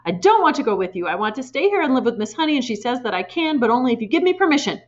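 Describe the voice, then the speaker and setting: A woman voicing a small, bold girl who cries out in a high, breathless voice while reading a storybook aloud. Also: big pitch swings, rapid-fire, muffled recording. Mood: pleading.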